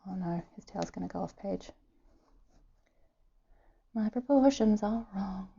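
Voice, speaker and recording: An Irish woman draws at home on a live stream, chatting casually and giggling to herself as she sketches. Her medium-pitched voice is warm yet gravelly and slightly rough, and she speaks unhurriedly. The stream audio sounds dull and lo-fi.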